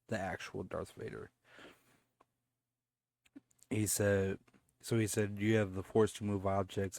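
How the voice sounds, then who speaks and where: A man's voice: sits low, a little mellow, no room sound. A laid-back man hosting a casual reaction video, often repeating himself and chuckling. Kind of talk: casual chat.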